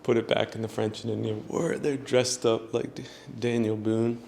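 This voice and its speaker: A man's voice: on the low side, level tone, moderate pace, creaky, a little mellow, slight background noise. A man hosting a solo podcast, rambling through his thoughts with many fillers and chuckling at his own jokes. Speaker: podcast host.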